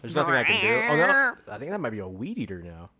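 A podcast co-host in casual chat, teasing and wry, quick with jokes. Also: medium pitch, wildly swooping pitch, sharp tone.

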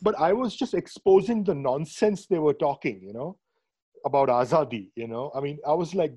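A man's voice: a little high, expressive, normal speed, warm tone, slightly rough. A man hosting a conversational interview over a video call, thoughtful and hesitant, with many fillers and restarts. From India. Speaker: podcast host. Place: Srinagar.

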